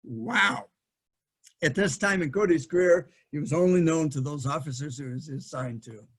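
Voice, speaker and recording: Slightly high-voiced man lecturing. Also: fairly even intonation, brisk, breathy edge. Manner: thinking aloud, frequent fillers and restarts. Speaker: historian giving a lecture. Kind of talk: lecture presentation with slides.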